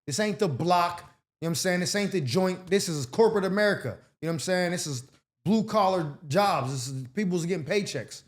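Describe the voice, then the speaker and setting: A man's voice: high voice, expressive, brisk. A man hosting an advice show, reading viewer letters and answering with blunt, slangy, streetwise commentary in a casual chat style.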